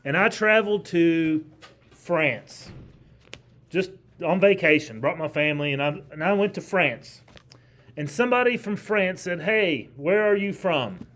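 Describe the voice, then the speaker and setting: A history teacher with a fairly high, fairly bright voice gives a lecture to his class in a classroom, speaking a little slowly and with animation. He's conversational but emphatic and keeps tossing questions to the students.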